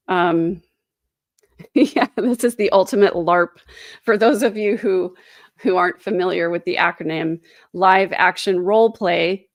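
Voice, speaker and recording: Woman host, low-ish voice, dry close sound, wry live-chat delivery. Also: dry recording. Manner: chatty, wry, many "um" fillers. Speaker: true crime livestream host. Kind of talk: casual live chat, reading viewer comments.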